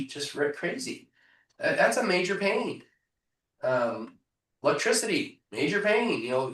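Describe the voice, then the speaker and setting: A man coaching real estate agents in a live training, punchy and energetic, often asking rhetorical questions over a video call. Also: fairly high pitch. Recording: echoey room, voice far from mic.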